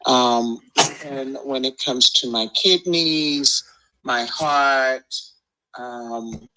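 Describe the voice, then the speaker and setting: Caller, woman; low voice, slow and earnest, bright tone. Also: rough recording. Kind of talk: casual chat.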